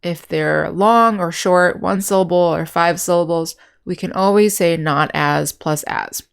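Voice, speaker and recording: A woman English teacher giving a grammar lesson, explaining patiently step by step and slowing down to repeat example words. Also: on the low side, vocal fry, clear, resonant tone.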